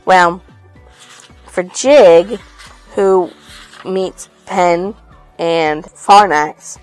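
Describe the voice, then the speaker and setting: A woman's voice: on the low side, drawn-out words, darkish tone, faint music behind, low-quality recording. A woman casually recapping a book's plot, rambling and swearing freely. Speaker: book reviewer.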